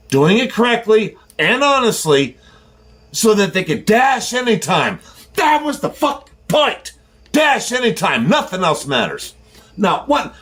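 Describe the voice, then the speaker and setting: A man's voice: sits high, a bit bright. A man who drives deliveries, ranting to his viewers in a heated, profane, confrontational way. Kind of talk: heated rant to camera.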